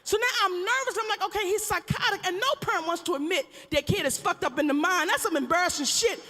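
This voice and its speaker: A woman from Baltimore doing stand-up comedy storytelling, profane and animated with bursts of shouting. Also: extremely high pitch, quick pace. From Baltimore, USA. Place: large theater stage. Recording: live stage with long hall reverb.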